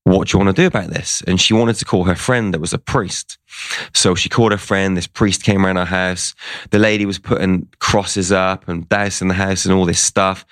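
A man's voice: low-pitched, steady tone, normal speed, fairly bright tone, no room sound. A man, a guest in an interview, telling a personal story in a casual way and quoting what people said to him.

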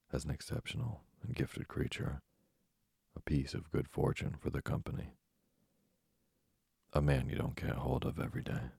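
A man narrating an audiobook in a measured, wry first-person reading. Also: extremely low pitch, creaky, a little mellow, breathy edge, no room sound.

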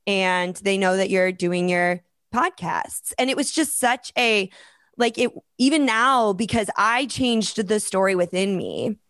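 A woman's voice: medium pitch, unhurried, dry recording, studio quality. A woman guest on a podcast, chatting casually and animatedly, telling personal stories. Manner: animated storyteller, quotes family in lively voices. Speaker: podcast guest, storytelling speaker. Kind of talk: casual conversational interview.

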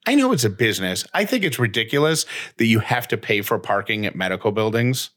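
A man's voice: on the low side, big pitch swings, fairly quick, fairly bright tone. A man in his thirties co-hosting a podcast, telling a story in casual chat and acting out both sides of an exchange. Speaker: podcast co-host.

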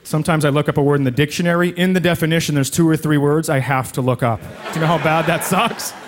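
A man's voice: a little high, fairly even intonation, fast talker, noisy background. A man doing a stand-up set in a comedy club, sarcastic and acting out voices. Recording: live club with loud crowd laughter. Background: audience laughter.

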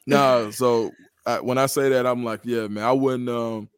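A man's voice: medium pitch, measured pace, clear, resonant tone, no echo. A man, a guest analyst in a podcast interview, talks through football recruiting in a confident, analytical way. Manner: confident, analytical, animated storytelling.

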